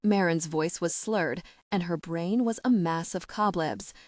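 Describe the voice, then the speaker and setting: A woman narrating an audiobook in a measured, dramatic storytelling manner on a close mic. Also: on the low side, darkish tone, no room sound. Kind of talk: scripted narration.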